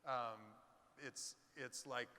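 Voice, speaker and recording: A man, a venture capitalist, telling animated stories in an onstage fireside chat and acting out the quotes. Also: mid-range voice, drawn-out words. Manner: animated anecdotes with acted-out quotes. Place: conference stage. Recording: reverberant hall.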